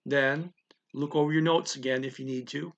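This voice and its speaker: A man's voice: mid-range voice, steady tone, moderate pace, dull audio. A man teaching a language lesson in a casual way, explaining step by step and often checking in with "okay?" and "right?".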